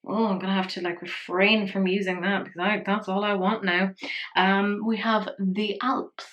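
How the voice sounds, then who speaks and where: A woman in her thirties talks through a makeup tutorial in a casual, chatty way. She keeps a middle pitch and teases herself as she goes. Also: level tone, moderate pace, fairly bright tone, muffled recording. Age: 30s. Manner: chatty, playful and self-mocking. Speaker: makeup vlogger.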